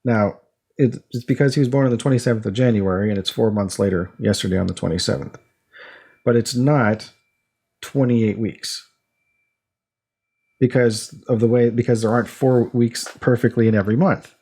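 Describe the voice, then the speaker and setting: A young man on a casual podcast, working through an idea out loud with plenty of restarts and fillers. He fires quick quiz questions at his co-host and keeps a middle-pitched voice. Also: fairly even intonation, husky. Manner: rambling, full of restarts and fillers.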